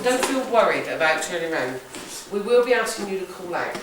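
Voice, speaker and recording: A West Country woman with a lowish, sing-song voice hosts a ghost hunt as a psychic, briefing a group in a brisk, chatty, jokey way with hardly a pause and checking in with "okay?". She's captured by a distant camera in a large, echoey room of an old building, with heavy background noise.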